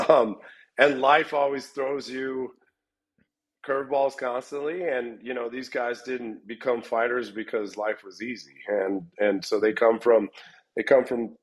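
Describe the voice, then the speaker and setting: On a rough recording, a middle-aged MMA gym head coach answers interview questions in a medium-pitched, steady voice, speaking a little slowly. He rambles, often restarting and repeating words.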